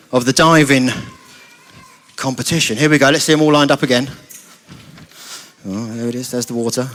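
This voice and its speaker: A man's voice: medium pitch, a bit bright. A man telling a playful story to children during a family church service.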